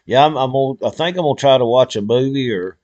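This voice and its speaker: A man's voice: medium pitch, quick pace, a little mellow, no room sound, dull audio. An older man, speaking an emotional, heartfelt prayer to his live-stream viewers in a folksy way.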